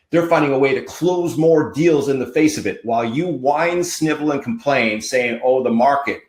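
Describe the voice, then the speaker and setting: Fired-up motivational man, roomy sound. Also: mid-range voice. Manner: fiery, preachy, repeats punchy slogans. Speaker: podcast host and marketing coach. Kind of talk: motivational podcast talk.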